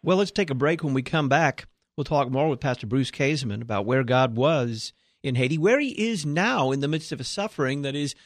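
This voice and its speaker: A man's voice: mid-range voice, fairly quick, dry recording. Guy hosting live talk radio, earnest, dry studio sound. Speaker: radio talk show host.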